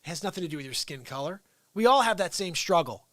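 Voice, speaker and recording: A man's voice: a little high, lively intonation, quick pace, fairly bright tone, no room sound, clean studio sound. A man hosting a daily livestream, ranting sarcastically and animatedly about politics from home. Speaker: livestream host. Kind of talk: unscripted political rant.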